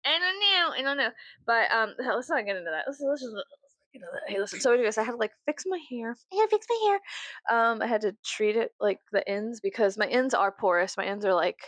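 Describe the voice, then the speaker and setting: A young woman with a Southern US accent, chatting casually to camera in her bedroom, rambling and profane, with sudden loud high outbursts. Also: animated, fast talker, no echo. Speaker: vlogger.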